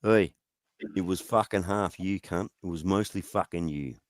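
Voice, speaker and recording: A man's voice: low-pitched, moderate pace, no echo. A man in a profane, taunting rant, firing goading questions at someone. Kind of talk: angry rant.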